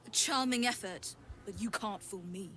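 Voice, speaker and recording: An actress playing an impatient, sharp-tongued woman kennel keeper in a video game, scolding curtly and with exasperation. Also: mid-range voice, normal speed, lightly acted. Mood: exasperated.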